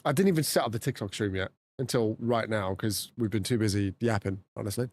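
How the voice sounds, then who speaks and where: A man streaming, chatting casually and laughing, dropping to low mutters and jumping to high exclamations. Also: fairly quick, hardly any pauses, background noise. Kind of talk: casual live-stream chat.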